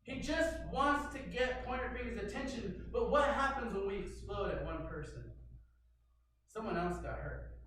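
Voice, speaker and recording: A man telling a personal story to an audience in animated, dramatic fashion, with sudden loud outbursts. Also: high voice, moderate pace, slight background noise. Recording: very echoey room, mic far off.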